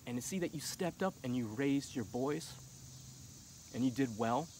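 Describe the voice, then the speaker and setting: A man's voice: mid-range voice, lively intonation, normal speed, darkish tone, a little hiss or hum. Earnest man talking outdoors. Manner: earnest, rising to heated urging. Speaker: vlogger. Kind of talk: casual monologue to camera.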